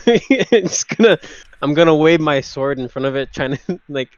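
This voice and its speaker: A man's voice: a little high, takes it slowly, pauses often, no room sound. A man playing a tabletop game, talking nervously and hesitantly and laughing often. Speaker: player. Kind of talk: casual tabletop game play. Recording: dry, dull lo-fi sound.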